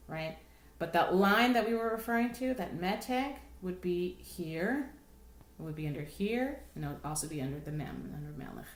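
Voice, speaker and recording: Woman cantor, mid-pitched voice, patient and explanatory, sings short examples, echoey room. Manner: patient, explanatory, thinks aloud with restarts; breaks into slow sung examples. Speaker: cantor teaching a class. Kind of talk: recorded lesson explaining chant melodies. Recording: roomy, echoey room sound.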